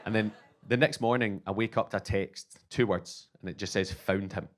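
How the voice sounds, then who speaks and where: A Scottish man in his thirties doing stand-up, telling an animated, self-mocking story and acting out both sides of the conversations. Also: on the low side, normal speed. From Scotland. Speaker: stand-up comedian.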